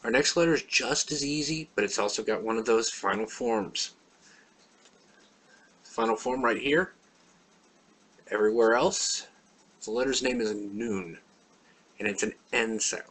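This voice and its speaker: Husky guy teaching letters, patient, says each word twice slow. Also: medium pitch, a bit bright. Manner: plain, patient explaining with slow repeated words. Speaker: language teacher. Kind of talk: alphabet lesson.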